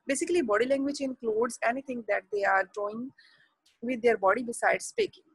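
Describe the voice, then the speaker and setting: Husky-voiced Indian woman teaching a lesson. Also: a little high, dry recording, poor audio. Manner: halting, with restarts, switching between English and Hindi. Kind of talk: classroom lecture.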